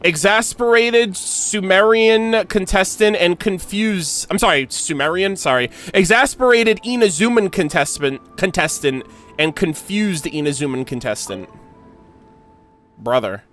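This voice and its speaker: Animated high-voiced male streamer. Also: unhurried, soft background music. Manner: excitable, swears, gushes and laughs. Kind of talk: casual gameplay reaction, reading dialogue aloud.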